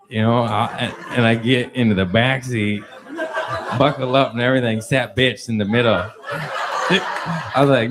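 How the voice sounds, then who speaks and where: Dude telling a wild profane story, keeps cracking himself up, lots of hiss and clicks behind him. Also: male voice, mid-range voice, unhurried. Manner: laughing through his own story, loose and crude. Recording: noisy recording with clicks.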